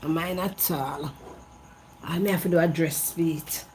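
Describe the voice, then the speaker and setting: A woman's voice: sits low, fairly even intonation, unhurried, a little mellow, slight background noise. A Jamaican woman in a casual gossip monologue, repeating herself for emphasis in patois, speaking outdoors in an evening breeze. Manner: repetitive, emphatic storytelling in patois. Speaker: vlogger.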